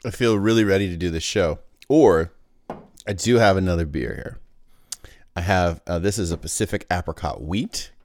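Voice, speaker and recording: A man's voice: low-pitched, moderate pace, a little mellow, dry recording. A man hosting his own podcast, talking in a goofy, rambling casual monologue full of restarts. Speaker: podcast host.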